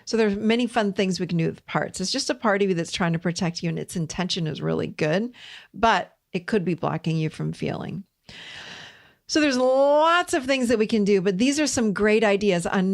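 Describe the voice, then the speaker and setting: A middle-aged woman hosting a solo podcast as a therapist, gently coaching listeners through exercises. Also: lowish voice, gravelly. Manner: gentle, coaching, speaks imagined dialogue softly.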